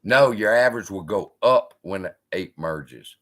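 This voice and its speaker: A man's voice: low-pitched, a little slow. Guy cussing his way through a live stock stream, voice bouncing up and down a lot. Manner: profane, blunt, animated storytelling. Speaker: investing channel host.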